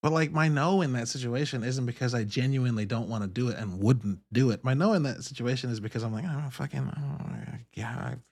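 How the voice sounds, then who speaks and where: A man in his thirties hosting a podcast, talking in a candid, profane, animated monologue. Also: mid-range voice, a little fast, hardly any pauses, breathy edge. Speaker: podcast host. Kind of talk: casual monologue.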